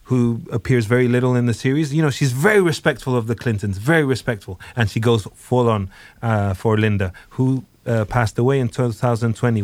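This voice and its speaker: A man's voice: medium pitch, fairly quick, no echo. Rambling man in casual podcast chat. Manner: rambling, with fillers and restarts. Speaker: podcast co-host. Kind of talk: casual chat reviewing a TV series.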